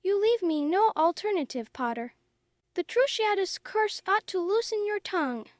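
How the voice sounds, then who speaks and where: A woman reading the lines of a cruel, smug woman school official in a storybook, soft and sugary with a shrill edge. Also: lively intonation, moderate pace, dry recording, studio quality. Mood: menacing.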